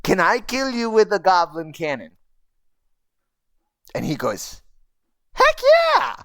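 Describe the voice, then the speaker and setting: A woman with a low voice tells a story in a goblin persona, dropping words like a creature talking. Her pitch swings widely from line to line, and she swears freely. The sound is dry and close. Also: a little slow, no echo. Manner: broken goblin-style speech; animated, swooping voice. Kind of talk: in-character storytelling.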